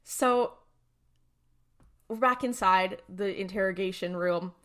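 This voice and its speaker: Woman, podcast co-host, casual recap, rambling, filler-heavy, mid pitch. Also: slow, fairly bright tone.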